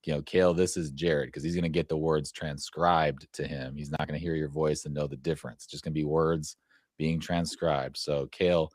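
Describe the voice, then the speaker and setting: A man producing and hosting a live show, explaining things in a halting way with many fillers. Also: a bass voice, little pitch movement, no room sound, clean studio sound. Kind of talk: live casual show chat.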